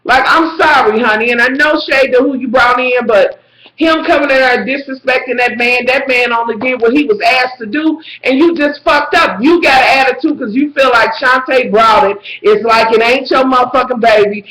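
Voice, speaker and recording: A woman in a casual vlog, reviewing a reality show with sassy, profane, animated rants and frequent shouting. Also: high voice, moderate pace. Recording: echoey room.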